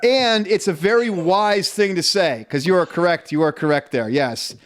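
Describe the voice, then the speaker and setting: A man co-hosting a casual podcast, telling stories in an animated, jokey way and acting out what people said. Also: high-pitched, moderate pace. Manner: animated storyteller, jokey, acts out quotes. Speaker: podcast co-host. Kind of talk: casual chat.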